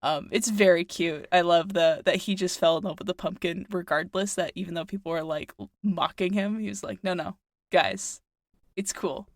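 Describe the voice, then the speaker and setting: A woman's voice: fairly low pitch, fairly even intonation, fairly quick, hardly any pauses, dry recording, studio quality. A woman co-hosting a folklore podcast, chatting playfully and joking about the stories. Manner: playful, giggly commentary. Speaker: podcast co-host. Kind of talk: casual chat.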